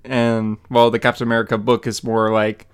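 A young man co-hosting a comics podcast, chatting casually with quick interjections. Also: mid-range voice, completely flat delivery, smooth. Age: young adult. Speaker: podcast co-host. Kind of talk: casual chat about comics.

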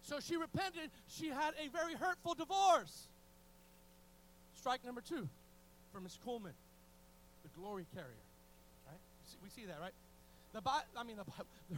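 A man preaching a sermon in a strikingly high voice, excitable and full of restarts. He shifts between loud outbursts and near-whispers. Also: slight background noise, poor audio. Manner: excitable, restarts often, swings from shouting to hushed.

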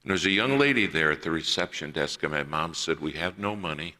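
A man's voice: very deep voice, fairly quick, bright, forceful tone. A man preaching a sermon, telling a personal story and acting out the voices of the people in it.

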